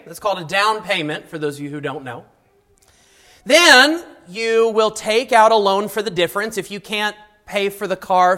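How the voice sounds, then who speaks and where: Male teacher, high voice, casual classroom talk, wry asides, keeps asking "okay?". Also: sharp tone. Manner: conversational, often checks in with "okay?"; mildly sarcastic asides. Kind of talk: classroom lesson. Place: classroom with students.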